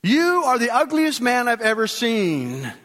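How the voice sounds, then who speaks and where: A man's voice: extremely high pitch, big pitch swings, a little slow, fairly bright tone, long reverb tail, voice pushed up, full character voice. A man voicing a rude pet parrot in a joke told from the pulpit, repeating the same insult over and over. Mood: taunting.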